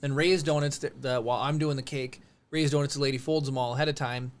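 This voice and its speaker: A male podcast host rattles through a long, rambling story at a quick clip. His pitch is middling and his delivery is loose and conversational. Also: fairly even intonation. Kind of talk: casual podcast chat.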